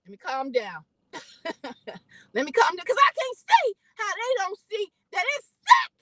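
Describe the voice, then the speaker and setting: Middle-aged woman, vlogger, fiery and preachy, high voice, bright and cutting tone. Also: unhurried, dry recording, low-quality recording. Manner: fiery, preachy, talks straight to the audience; swings between shouting and calm asides. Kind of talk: impassioned monologue to viewers.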